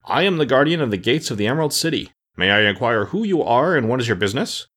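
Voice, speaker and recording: A man's voice: medium pitch, sing-song, fast talker, a bit bright. A man voicing a short, round, good-natured gatekeeper who speaks politely and formally in an audiobook. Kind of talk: audiobook character voice.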